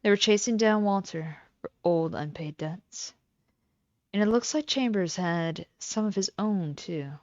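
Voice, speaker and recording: A woman's voice: mid-range voice, measured pace, no room sound, highs cut off, close to an everyday voice. A woman voicing a weary noir housewife. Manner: flat, world-weary noir narration. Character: plain-spoken simple housewife in a noir tale. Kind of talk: voiced game narration.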